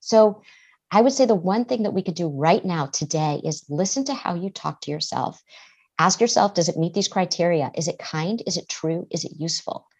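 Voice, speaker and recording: A woman's voice: lowish voice, lively intonation, normal speed, darkish tone, breathy edge. A middle-aged woman, a therapist and author, speaking earnestly as a guest in a podcast interview. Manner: earnest, acts out quoted voices.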